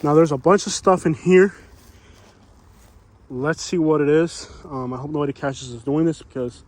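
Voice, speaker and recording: Out of breath, a man walks through hot woods vlogging as he explores homeless camps, narrating in a rambling, folksy way full of "you know." His voice is fairly high and darkish in tone, with fairly even intonation and normal speed. Faint outdoor ambience sits in the background.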